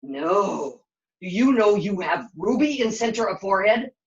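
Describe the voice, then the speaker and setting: A woman's voice: mid-range voice, sing-song, measured pace, roomy sound, highs cut off. A woman puppeteer voicing a solemn magical creature who speaks broken English and gives short, grave warnings in a puppet show. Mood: grave, knowing.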